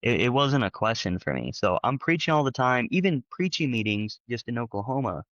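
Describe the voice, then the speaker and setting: A man's voice: medium pitch, brisk, dry recording, dull audio. Chatty man telling a long personal story. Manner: rambling, animated, with frequent fillers. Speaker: panel guest, former church member. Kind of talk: casual conversational storytelling.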